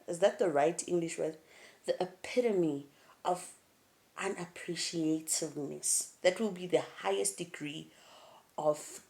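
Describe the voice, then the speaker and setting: A young woman, chatting candidly to her camera as a vlogger, swinging between laughter and low, emotional tones. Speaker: YouTube vlogger. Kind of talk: casual chat to camera.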